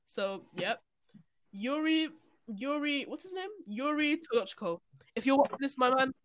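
A young man co-hosting a casual podcast, excitable and profane as he reads out odd news stories. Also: extremely high pitch, moderate pace, clean tone, muffled recording. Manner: excitable, swearing, laughs while reading news. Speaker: podcast co-host.

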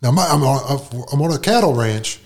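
A man's voice: mid-range voice, moderate pace, vocal fry, breathy edge. A middle-aged man from New York, a guest telling a personal story in casual, slangy talk, acting out the voices of the people in it. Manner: animated, slangy, acts out quoted voices.

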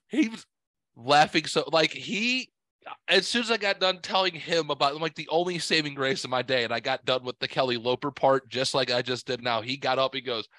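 A man hosting a podcast, telling a story in a casual, profane, animated way and acting out what others said. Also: mid-range voice, a little fast, no echo. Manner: profane, animated, quotes people in voices. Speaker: podcast host.

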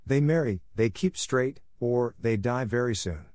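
A man reading the part of a calm, hopeful woman probation officer, speaking steadily and reasonably. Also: medium pitch, unhurried, no echo, clean studio sound, natural voice. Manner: steady, reasonable, quietly firm. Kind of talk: audiobook character reading.

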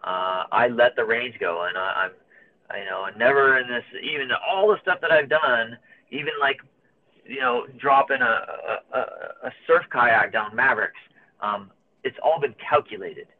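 A man's voice: medium pitch, unhurried, slight background noise. Emotional man on a tinny line. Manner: emotional, searching, many fillers and restarts. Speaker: guest. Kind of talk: candid conversation. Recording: phone-like narrow band.

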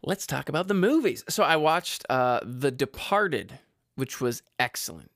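A man's voice: medium pitch, animated, unhurried, fairly bright tone, no echo, studio quality. A man casually rambling through movie recommendations, stumbling over words and cracking jokey asides. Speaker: vlogger reviewing movies.

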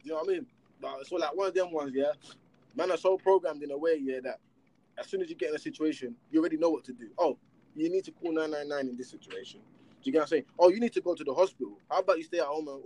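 A man with children, talking in a casual chat, animated and rhetorical with heavy street slang. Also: a little high, rapid-fire. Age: adult with children.

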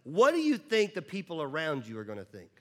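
A male preacher with a high-pitched voice delivers a sermon. He talks conversationally, doubling words as he starts sentences. He swings between loud, driving emphasis and low, hushed asides. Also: huge pitch swings, a little fast. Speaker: pastor.

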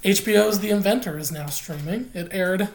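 A woman's voice: mid-range voice, moderate pace. Opinionated woman podcast host, echoey room. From Oklahoma. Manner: opinionated, animated, laughs easily. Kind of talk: casual chat.

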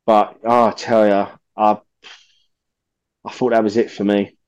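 A man, a podcast guest telling stories in a lively, swearing way and acting out the voices of people he quotes. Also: lowish voice, measured pace, no echo, highs cut off. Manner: animated, swears often, acts out quoted voices. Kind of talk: casual storytelling interview.

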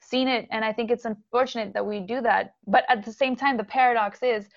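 Woman guest from Haiti, candid and animated, on a dull lo-fi video call. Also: on the high side, a little fast, gravelly, no room sound. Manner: candid and animated, with frequent fillers and laughs. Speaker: guest, musician. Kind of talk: casual interview over a video call.

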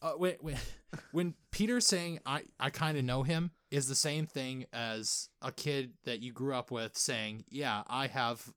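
A man's voice: medium pitch, measured pace, hardly any pauses, fairly bright tone, clear, resonant tone, dry recording, clean studio sound. A man from Wisconsin co-hosting a casual podcast chat, eager and playful, often tripping over his words and restarting. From Wisconsin, USA. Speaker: podcast co-host.

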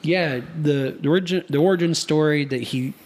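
A man's voice: a little high, a little fast, a little mellow. A man co-hosting a casual podcast in a studio, telling stories in a rambling way with many restarts. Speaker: podcast co-host.

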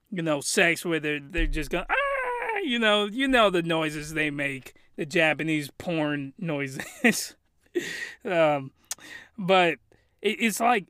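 A man's voice: a little high, a bit bright, smooth, no echo, clean studio sound. A young man reviewing an anime in a rambling, hyped comedy vlog, full of crude jokes and restarts.

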